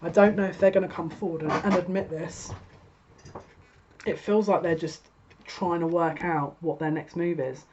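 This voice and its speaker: A woman's voice: lowish voice, fairly even intonation, moderate pace, a little mellow, dull audio, slight background noise. A woman giving a tarot card reading, chatty and exasperated, with laughing asides. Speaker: tarot reader.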